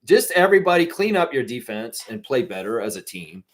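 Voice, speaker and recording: A man's voice: mid-range voice, very animated, brisk. A middle-aged man hosting a live fan stream, ranting profanely and reading out chat messages.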